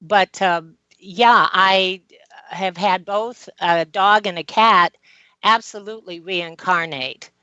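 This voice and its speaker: A woman's voice: medium pitch, slow pace, sharp tone, dry recording. A woman guest telling a personal story in a rambling, earnest way, with many fillers, on a talk show. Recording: dull lo-fi audio.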